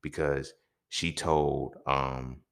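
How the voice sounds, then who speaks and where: A man's voice: very deep voice, flat delivery, drawn-out words, vocal fry, clear, resonant tone. A young man and podcast host telling a personal story in an emphatic, profane way, often checking in with his listeners.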